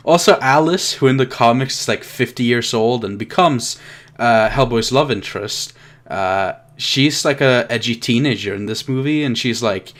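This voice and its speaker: Young guy ranting about a movie, swearing constantly, exasperated, middle pitch, doing sarcastic voices. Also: moderate pace, fairly bright tone. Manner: profane, exasperated ranting with mocking impressions. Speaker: movie reviewer. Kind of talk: ranting film review vlog.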